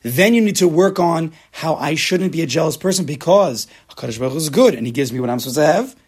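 A man teaching a Torah class to a room of listeners, animated and acting out people's inner voices, with Hebrew terms mixed in. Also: fairly high pitch, fast, slightly rough. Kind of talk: classroom lecture with student questions.

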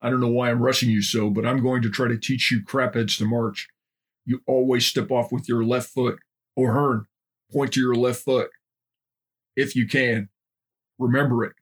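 A man's voice: mid-range voice, steady tone, moderate pace, slightly rough, natural voice. Man barking as a furious drill sergeant. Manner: barking, profane commands. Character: harsh bellowing male Marine drill instructor.

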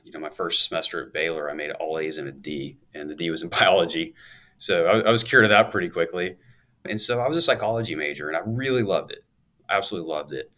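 Deep-voiced man telling stories casually. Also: fairly bright tone. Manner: upbeat, chatty, laughs while telling stories. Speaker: guest, law firm owner. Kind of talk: casual interview storytelling.

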